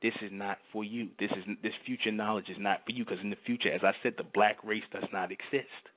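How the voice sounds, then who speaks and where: A man's voice: fairly low pitch, steady tone, brisk. A man hosting his own channel, delivering an emphatic, repetitive solo monologue and often asking his listeners if they understand. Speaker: channel host. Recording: tinny phone-like sound.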